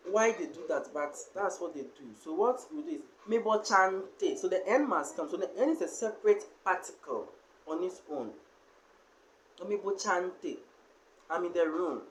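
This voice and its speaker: A language teacher giving a spoken lesson on pronunciation, explaining slowly and pausing often with fillers. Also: mid-range voice, a little hiss or hum, poor audio.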